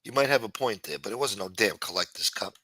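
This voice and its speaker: A bright, forceful man hosts a late-night live stream and riffs on viewer comments. His talk rambles and is full of cursing. The sound is dry and close to the mic. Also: lowish voice, animated, fast talker, no room sound. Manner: profane, rambling and riffing. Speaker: live-stream show host. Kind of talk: casual chat, reading viewer comments.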